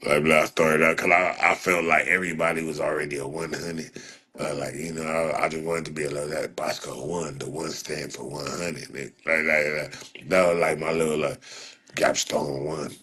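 A man hosts a casual livestream, trash-talking the commenters in profane slang and breaking into laughter. His voice sits very low and sounds husky. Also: little pitch movement, normal speed, bright, forceful tone. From Southern California. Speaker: livestream host reacting to chat.

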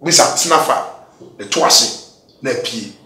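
A man giving a candid testimony in an interview, swinging between loud, emphatic bursts and low mutters. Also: animated, measured pace. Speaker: guest giving a confession testimony. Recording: echoey room, distant mic.

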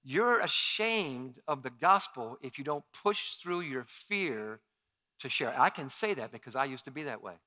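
A male pastor preaching a sermon, telling personal stories and acting out his own past lines with animated shifts. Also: medium pitch, a little slow. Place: church sanctuary.

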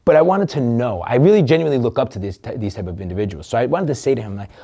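A man's voice: medium pitch, lively intonation, rapid-fire, hardly any pauses, dark tone, slightly rough. A man telling a candid personal story as an interview guest, earnest and emotional, swearing casually.

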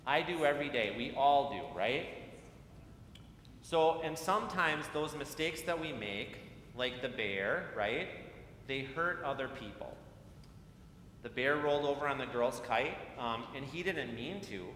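A man's voice: lively intonation, a little slow, fairly bright tone. A man leading a children's message at a church service, talking in a friendly way and asking the children questions. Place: church sanctuary. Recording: echoey church hall, faint rumble.

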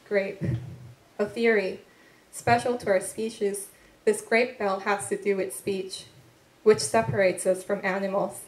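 Woman poet from Korea, poetry reading, even and flat delivery, roomy event hall. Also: medium pitch. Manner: measured, deliberate recitation with pauses between lines; soft, tentative asides between poems. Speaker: poet reading her work. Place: event room at a literary venue. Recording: echoey live event room.

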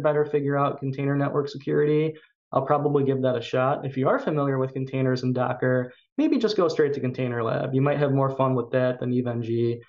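A man's voice: mid-range voice, darkish tone, dull audio. Enthusiastic man with a Chicago accent. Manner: enthusiastic, with frequent fillers. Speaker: conference speaker. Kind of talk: recorded tech talk presentation.

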